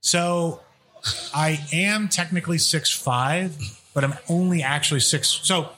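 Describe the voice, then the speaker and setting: A man's voice: fairly high pitch, measured pace, bright, forceful tone, a little hiss or hum. A man, a professional wrestler, telling rambling, profanity-laced stories as a podcast guest. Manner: profane, rambling, laid-back storyteller. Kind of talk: casual podcast storytelling.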